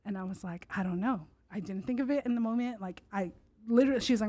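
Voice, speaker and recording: Fast-talking young woman telling stories. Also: mid-range voice. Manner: fast, animated, acts out voices in stories. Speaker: podcast guest. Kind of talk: casual storytelling chat.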